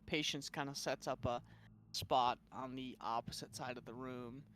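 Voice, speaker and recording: A man's voice: mid-range voice, steady tone, moderate pace, fairly bright tone, slight background noise. A man from the Midwest with a Midwestern accent, narrating a tabletop game as game master in a loose, filler-heavy way.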